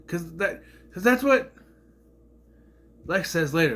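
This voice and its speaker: A man rambles through a casual recap in a slightly high voice. He swings his pitch widely as he gets indignant and sarcastic about plot holes. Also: expressive, slow pace, a bit bright. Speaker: show reviewer.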